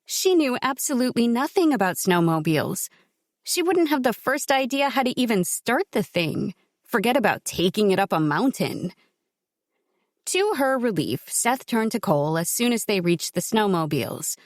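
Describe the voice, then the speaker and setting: A woman reading a novel aloud as an audiobook narrator, in steady, measured scripted narration. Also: on the high side, dry recording, clean studio sound.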